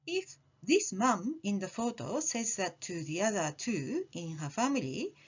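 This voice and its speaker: A woman teaching a language lesson, explaining slowly and carefully and acting out the intonation of example phrases. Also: mid-range voice, slightly rough. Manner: slow, careful explanation with animated demonstrations of intonation. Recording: muffled, slightly dull audio.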